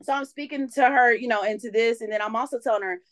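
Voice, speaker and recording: A young adult woman, a podcast guest telling lively faith stories in casual conversation and acting out what people said. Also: a little high, fast. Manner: animated storyteller, acts out quotes.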